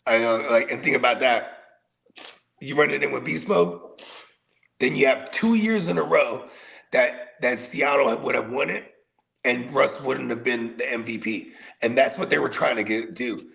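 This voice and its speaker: A man co-hosting a casual sports podcast, telling stories in an animated, profane way that swings between loud bursts and quiet asides. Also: mid-range voice, unhurried, gravelly, long pauses. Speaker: podcast co-host.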